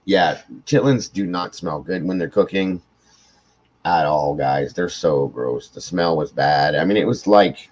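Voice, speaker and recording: A livestream host with a very low, deep voice, tired after hours on air. He rambles through stories in loose, casual chat and swears freely. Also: a little slow, a little mellow, low-quality recording. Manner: rambling, profane storytelling.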